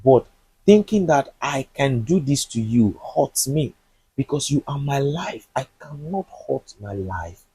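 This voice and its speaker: A man's voice: mid-range voice, very animated, measured pace, dark tone, breathy edge, no echo, heavily acted. A man voicing a struggling father who pleads that he would never hurt his daughter. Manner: earnest, pleading. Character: struggling middle-aged father, wounded and pleading.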